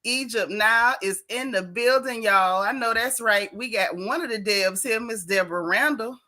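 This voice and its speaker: A woman hosting a casual livestream chat, animated and folksy, a little out of breath. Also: on the high side, normal speed, poor audio. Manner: animated, folksy, loud greetings. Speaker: show host greeting live chat.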